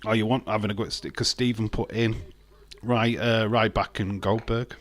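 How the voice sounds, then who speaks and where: A man hosts a live watch-along, casually chatting, joking, and often laughing with his viewers, whom he and the chat address by name. His voice is lowish and steady, at a moderate pace.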